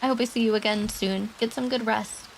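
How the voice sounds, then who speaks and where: A woman streamer with a slightly raised pitch and a lot of gravelly vocal fry. She chats loosely with her viewers between reads and reads spooky internet stories aloud, close to a desk mic. Soft rain sounds faintly behind her. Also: steady tone, brisk, slight background noise, poor audio. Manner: chatty, reacts aloud between readings. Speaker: streamer reading online stories. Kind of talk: casual chat and reading stories aloud.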